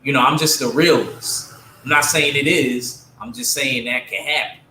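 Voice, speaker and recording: A man's voice: medium pitch, fairly even intonation, moderate pace, pushed and bright, echoey room, a little hiss or hum. A man giving blunt, opinionated boxing commentary to his viewers, casual and slangy, with lots of fillers. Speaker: streamer talking boxing with viewers.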